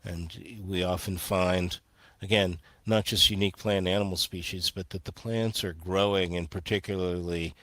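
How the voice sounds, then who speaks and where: Deep-voiced man explaining calmly. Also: no echo. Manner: explanatory, measured, with fillers and restarts. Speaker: guest, earth energy researcher. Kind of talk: casual interview talk.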